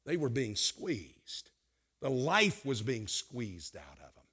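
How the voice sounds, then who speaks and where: A middle-aged man preaching a sermon, swinging from hushed, quiet passages to loud, emphatic ones. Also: mid-range voice, huge pitch swings, takes it slowly, breathy edge. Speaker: pastor.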